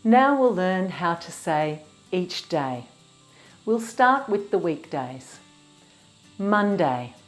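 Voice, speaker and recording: Woman teacher drilling word sounds super slow, lowish voice, soft music behind. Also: big pitch swings. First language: English. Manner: clear, careful enunciation, sounds broken into parts. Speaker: English teacher. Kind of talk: slow pronunciation lesson for beginners.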